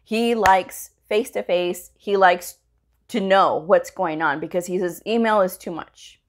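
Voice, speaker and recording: Brief: woman vlogger, conversational storyteller, quotes dialogue with lively jumps up in pitch, peppers talk with "okay?" and "you know". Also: measured pace, a little hiss or hum. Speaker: medical coder sharing career advice. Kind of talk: casual storytelling vlog.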